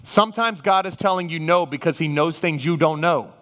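A man preaching a sermon, animated, acting out Bible figures and his listeners in raised voices. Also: fairly high pitch, fairly quick. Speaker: pastor. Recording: reverberant hall sound.

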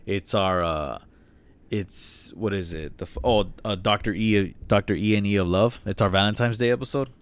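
A young man co-hosting a podcast, telling stories in a rambling, profane, animated way. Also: lowish voice, normal speed, clear, resonant tone. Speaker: podcast co-host. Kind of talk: casual podcast banter.

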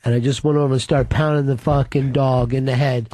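A man telling a dark comic story in a deadpan, profane way. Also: medium pitch, quick pace, few pauses, no room sound.

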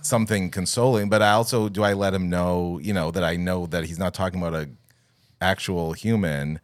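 A man telling a story in casual podcast chat, animated and laughing as he goes. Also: low-pitched, a little fast, dry recording, faint music behind. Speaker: podcast producer.

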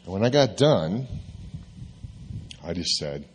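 A male pastor telling a personal story in a sermon, lively and confessional, with self-mocking asides. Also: low-pitched, slow pace, slight background noise.

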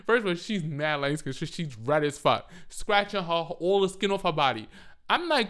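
Young guy spinning a cussing storytime, slightly high voice, real smooth and clear, laughs a lot. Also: normal speed. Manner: profane, animated, laughs often. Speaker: storyteller, former after-school teacher. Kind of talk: casual storytime vlog.

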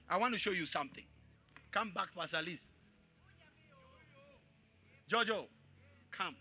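A man preaching a live sermon to his congregation as pastor, calling out for responses and switching between shouts and quiet asides. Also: sits high, a little slow, pauses often, slightly rough, faint music behind. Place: church in front of a congregation.

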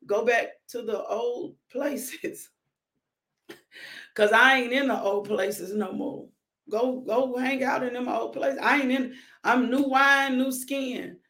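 A woman's voice: a little high, fairly bright tone. A woman minister giving a devotional sermon, emphatic and repeating her phrases in casual speech.

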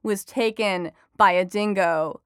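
A woman's voice: mid-range voice, takes it slowly, fairly bright tone, clear, resonant tone, no room sound, studio quality. A woman who is an entertainment reporter and author, chatting as an interview guest, telling stories with animation and frequent laughter. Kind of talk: conversational interview.

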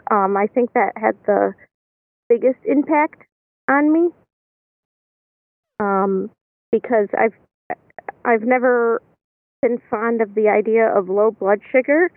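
A woman's voice: on the high side, takes it slowly, long pauses, dry recording. A woman guest on a podcast, talking hesitantly with many ums over a phone line. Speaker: guest caller. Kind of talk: casual interview chat. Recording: tinny dry phone line.

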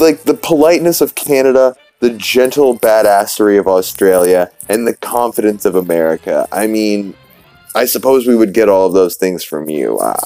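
A man's voice: on the low side, dark tone, no echo. A man hosting a podcast, recapping a cartoon episode in a rambling, sarcastic way with lots of fillers. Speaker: podcast host. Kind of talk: casual recap commentary.

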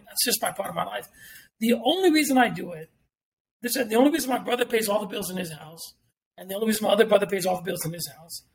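Fast-talking man, emphatic casual podcast guest, swears freely. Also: extremely high pitch, breathy edge. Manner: animated, emphatic, repeats himself, swears freely.

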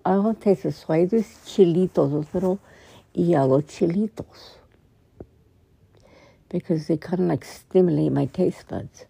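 A middle-aged woman with a low, heavily gravelly voice that sounds worn and raspy. Her tone is dark and unhurried as she rambles through crude, swearing-laced stories as a podcast host. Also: no room sound, rough recording. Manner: profane, rambling storyteller. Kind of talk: casual rambling monologue.

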